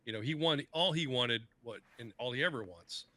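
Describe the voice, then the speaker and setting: A man's voice: mid-range voice, animated, moderate pace, bright, forceful tone, no room sound. A man, a podcast guest, telling stories in a casual chat, swearing freely and acting out what other people said. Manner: profane, acts out other people's lines.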